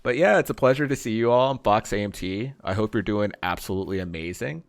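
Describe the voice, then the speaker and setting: Man, game streamer, casual chat with viewers, gravelly, low-pitched. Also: animated, fast. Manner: chatty, trails off quietly, then greets chat brightly.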